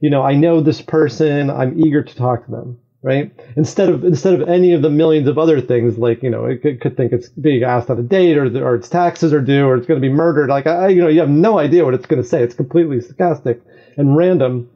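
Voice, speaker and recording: A man's voice: a little high, quick pace. Man explaining at length, dull lo-fi sound. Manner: animated, talks in long explanations with frequent "right?". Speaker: guest, AI games designer. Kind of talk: conversational explanation.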